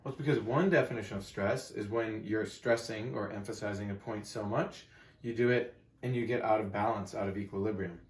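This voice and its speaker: A man's voice: on the low side, fairly quick. Man coaching in an echoey room. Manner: conversational, emphatic, checks in with "right?". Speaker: self-help coach. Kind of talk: casual teaching to camera. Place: room with a whiteboard.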